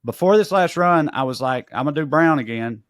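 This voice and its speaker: A man, co-hosting a podcast and telling a long story in animated, profane casual chat. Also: a little high, a little fast, dry recording, studio quality. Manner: animated, profane, acts out quoted voices. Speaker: podcast co-host.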